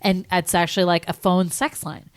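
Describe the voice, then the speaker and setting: A woman's voice: on the low side, level tone, moderate pace, no echo. A young woman co-hosting a podcast, chatting casually and laughing, with lots of "like" in her talk. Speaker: podcast co-host. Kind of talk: casual chat.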